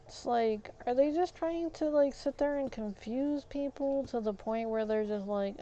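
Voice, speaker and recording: Mellow-voiced woman venting on stream. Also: sits high, a little slow, few pauses, highs cut off. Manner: frustrated, ranting while she plays. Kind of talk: casual gaming livestream chat.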